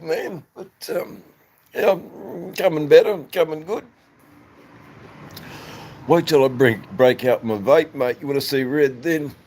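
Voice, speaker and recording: A man's voice: mid-range voice, darkish tone, a little hiss or hum. An Australian man hosting a casual livestream, rambling and swearing as he chats to viewers. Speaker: livestream host.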